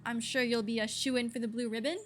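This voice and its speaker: A woman reading a sly witch protagonist's lines in a flattering, prying tone. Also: a little high, a little fast, a little hiss or hum, lightly acted.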